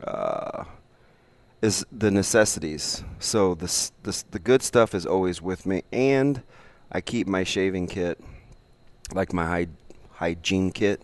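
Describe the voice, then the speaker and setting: A man's voice: sits low, unhurried, dry recording. A man co-hosting a morning radio show, teasing his co-host in playful banter. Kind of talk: casual morning radio chat. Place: radio studio stage.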